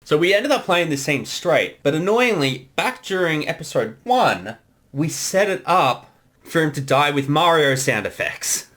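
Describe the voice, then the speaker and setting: A man's voice: a little high, very animated, unhurried, a bit bright. A man chatting casually through a creator commentary, telling anecdotes and laughing along the way.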